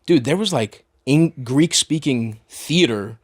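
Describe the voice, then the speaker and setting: A man chatting casually as a podcast guest, animated and laughing as he tells stories. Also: medium pitch, slow, breathy edge.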